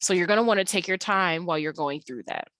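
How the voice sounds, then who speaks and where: Woman teacher going over slides, lowish voice, lots of ums, dry close sound. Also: fast talker, a bit bright, dry recording. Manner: casual explaining with many fillers and restarts. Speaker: English teacher. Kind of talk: recorded slide-by-slide tutorial.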